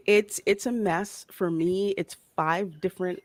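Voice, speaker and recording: A woman hosting a live-stream movie chat, her voice sitting on the low side. She reads out viewers' names and gives frank, opinionated takes. The sound is dry, with no room echo. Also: fairly even intonation, unhurried, fairly bright tone. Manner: greets chat viewers by name, blunt and opinionated.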